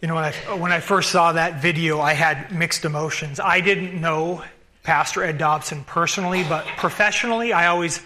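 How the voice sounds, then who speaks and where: A pastor tells a story during his sermon in a loose, conversational way. His voice sits high and sounds bright and forward. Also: steady tone, normal speed, slight background noise.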